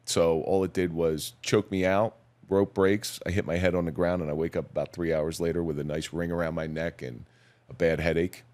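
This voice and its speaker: Brief: middle-aged man, very low voice, measured and somber storytelling, plain-spoken guest. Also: steady tone, darkish tone. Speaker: podcast guest, police officer. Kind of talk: personal storytelling in a podcast interview.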